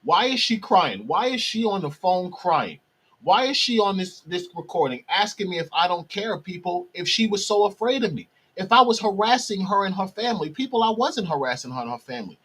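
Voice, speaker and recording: A man's voice: high voice, sing-song, brisk, fairly bright tone, slightly rough. A man delivering a heated ranting monologue straight to his viewers, repeatedly calling out to them. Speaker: vlogger.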